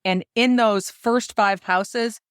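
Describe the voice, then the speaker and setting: A middle-aged woman from the United States hosting a solo podcast, telling stories in an animated way and laughing often. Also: a little high, takes it slowly, smooth, no echo, clean studio sound. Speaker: podcast host and golf coach.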